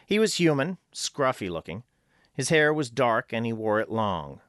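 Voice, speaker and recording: A man narrates an audiobook with expressive storytelling, his mid-range voice at a moderate pace. The studio-quality recording has no room sound.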